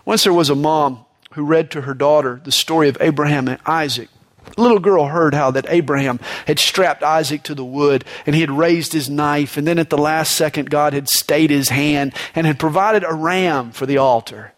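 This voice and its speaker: A man preaching a sermon with a somewhat high-pitched voice. He talks in an easy, conversational way, often slipping in "you know". He pushes his voice up to stress key points and lets it sink low and slow on solemn moments.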